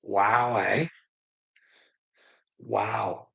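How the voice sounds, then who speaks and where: A man's voice: lowish voice, steady tone, very slow, creaky, fairly bright tone, breathy edge, low-quality recording. A man telling a rambling personal story to a relative, swearing constantly and laughing often.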